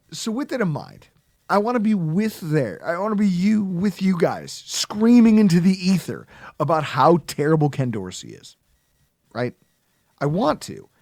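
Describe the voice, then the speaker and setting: A man hosting a casual sports podcast, ranting in an animated, sarcastic, heckling way. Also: a little high, no room sound, clean studio sound. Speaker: podcast host.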